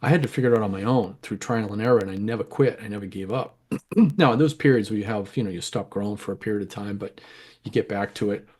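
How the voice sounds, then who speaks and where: Middle-aged male interview guest, low register, casual and frank, talks in loose run-on stories. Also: fast, a little mellow, slightly rough. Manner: rambling, candid, self-correcting. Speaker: interview guest, home grower.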